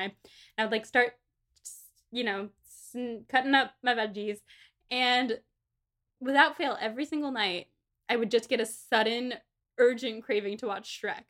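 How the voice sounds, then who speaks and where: A woman co-hosting a podcast, chatting in a casual and animated way and laughing often. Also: a little high. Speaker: podcast co-host. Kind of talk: casual book-club chat.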